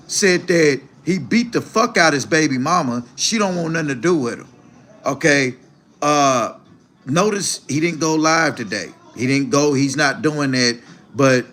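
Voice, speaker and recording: A man's voice: fairly high pitch, fairly bright tone. An older man from Mississippi, hosting a live stream and mocking another creator in blunt, profane commentary. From Mississippi, USA. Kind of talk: live commentary reacting to clips.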